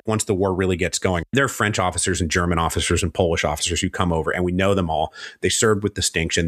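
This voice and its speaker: Deep-voiced male history guest, chatty storyteller who acts out his quotes, dry close mic. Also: no echo. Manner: animated, acts out quoted figures in shifting pitch. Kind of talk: conversational storytelling.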